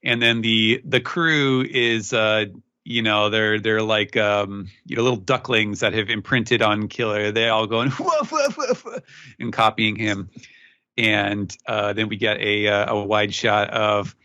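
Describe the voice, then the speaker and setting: A man hosting a podcast, recapping a manga chapter in casual chat with many fillers and quick put-on character voices. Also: flat delivery, bright, forceful tone, clear, resonant tone, no echo, lo-fi sound. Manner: rambling recap, voices characters in sudden high put-on squeaks. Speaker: podcast host.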